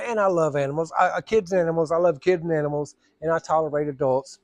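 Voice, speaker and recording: High-voiced man telling a story. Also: fast, hardly any pauses, darkish tone, dry recording, soft background music. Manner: rambling, drawling Southern storyteller, acts out voices. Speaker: storyteller vlogger. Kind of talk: casual storytelling.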